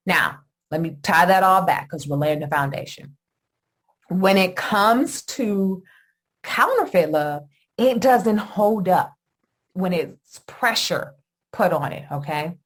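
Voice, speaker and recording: A middle-aged woman from Michigan hosting a podcast, telling a personal story in an animated way and talking straight to her listeners. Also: fairly low pitch, takes it slowly. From Michigan, USA. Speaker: podcast host. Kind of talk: storytelling monologue.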